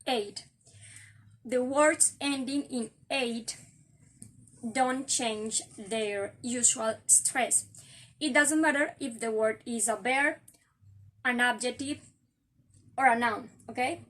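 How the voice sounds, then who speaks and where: Presenting to her class on word stress, a young adult student with a Colombian Spanish accent explains things slowly and carefully. She has a fairly bright voice that leans high.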